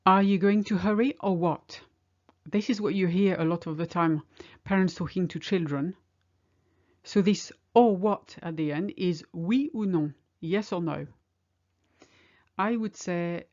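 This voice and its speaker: Low-voiced woman teaching French, slow and clear. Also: darkish tone, muffled recording. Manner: clear, deliberate, slows down to model French phrases. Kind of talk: language lesson.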